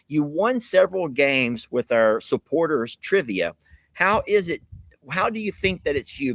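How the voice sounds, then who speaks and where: A man hosting a live chat in a chatty, folksy way, his pitch swinging widely with animation. The sound is dry and close, with no room around it. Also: fairly bright tone, no echo. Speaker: livestream host. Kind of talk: casual live chat with a guest.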